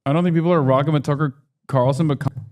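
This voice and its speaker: Brief: male streamer, casual and cutting, slightly high voice. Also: steady tone, fast, darkish tone. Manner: sarcastic, profane, casual. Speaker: streamer host. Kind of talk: live reaction commentary.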